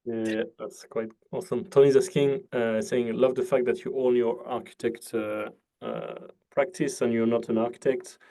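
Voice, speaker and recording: A male host with a dark, mellow voice at a middling pitch asks his guest questions. He hesitates often, with many "uh" fillers, keeping a relaxed, conversational tone. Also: moderate pace. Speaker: podcast host. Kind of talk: casual interview chat.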